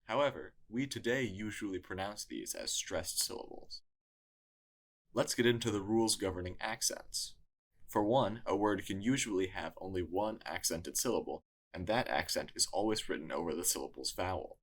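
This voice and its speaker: A man narrating a scripted lesson in a measured, explanatory way. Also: low-pitched. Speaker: tutor.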